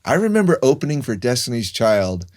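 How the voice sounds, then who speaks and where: A man's voice: mid-range voice, sing-song, brisk, darkish tone. A man in his fifties, a guest in a casual interview, telling stories in a rambling way with frequent restarts. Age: 50s.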